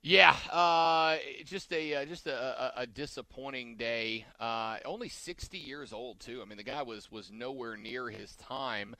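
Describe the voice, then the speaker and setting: Male podcast host, bright dry voice, rambling and conversational, restarts his sentences often. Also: medium pitch, a little slow, few pauses, no room sound. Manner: rambling, trails off and backtracks mid-sentence. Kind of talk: casual wrestling podcast chat.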